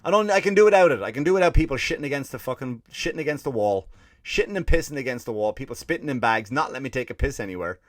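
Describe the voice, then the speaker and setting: A man's voice: mid-range voice, lively intonation, fast talker, no echo, studio quality. An Irish man hosting a comedy podcast, telling a profane, ranting story and mimicking people in put-on voices. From Ireland. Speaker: podcast host. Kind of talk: comedic monologue.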